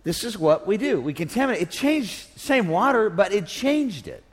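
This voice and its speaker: A man's voice: high voice, big pitch swings, normal speed. A man preaching a sermon as pastor, joking and drawing call-and-response from his congregation. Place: church sanctuary. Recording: long reverb of a church hall.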